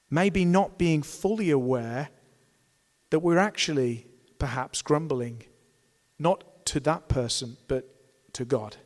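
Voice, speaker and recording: Preacher in a reverberant hall. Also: male voice, mid-range voice. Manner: earnest, rhetorical questions, voices the grumbling crowd in raised tones. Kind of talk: sermon.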